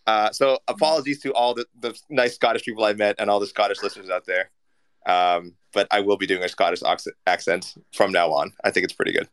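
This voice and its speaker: A man's voice: on the low side, steady tone, brisk, a bit bright, clean tone. A man co-hosting a casual chat show, rambling and jokey, often repeating his words. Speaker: regular co-host.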